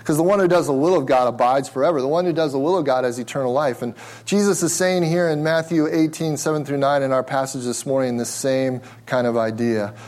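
A man's voice: mid-range voice, a little fast, hardly any pauses, a little mellow. A male pastor preaching a sermon with emphasis, asking questions and repeating words as he restarts.

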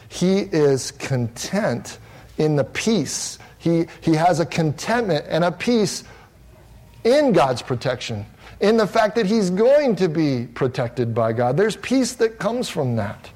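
A man's voice: fairly high pitch, big pitch swings, slow, a little mellow. A man preaching a sermon, earnest and emphatic, often restarting his phrases as he works through a psalm verse by verse. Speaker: pastor.

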